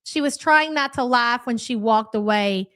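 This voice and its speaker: A woman's voice: on the high side, measured pace, fairly bright tone. A woman hosting a live reaction stream, speaking in a crude, mocking and chatty way as she reads out viewer comments. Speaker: livestream commentary host.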